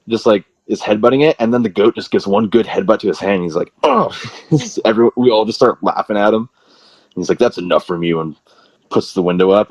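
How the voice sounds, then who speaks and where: Rambling low-voiced man telling stories. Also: no room sound. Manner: rambling anecdotes full of "like". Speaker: wrestler guest. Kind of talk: casual interview storytelling. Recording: slightly muffled dry audio.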